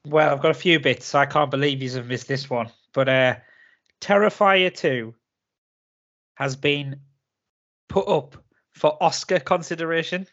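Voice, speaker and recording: A man's voice: fairly high pitch, measured pace, pauses often, a bit bright, muffled recording. Geordie man in casual podcast chat. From North East England. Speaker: podcast co-host.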